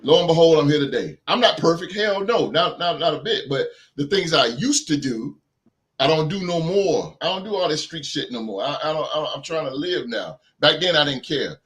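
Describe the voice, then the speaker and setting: A man's voice: a little high, expressive, brisk, fairly bright tone. A man in his thirties on a podcast, talking earnestly and emphatically, repeating himself as he urges other men on. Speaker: podcast guest. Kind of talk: heartfelt casual chat.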